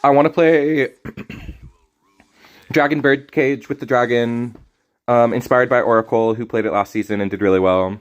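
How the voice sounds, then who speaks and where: A man's voice: medium pitch, steady tone, unhurried, pauses often, clean tone, lo-fi sound. Man joking with chat while playing a card game. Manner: casual, teasing banter with chat; sudden loud reactions. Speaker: streamer. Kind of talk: live game stream commentary.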